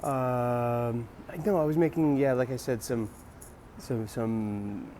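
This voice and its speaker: A man's voice: mid-range voice, slow, warm tone, a little hiss or hum. A man hosting a casual morning monologue, rambling and wry, sighing and restarting his sentences. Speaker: host of a morning video show.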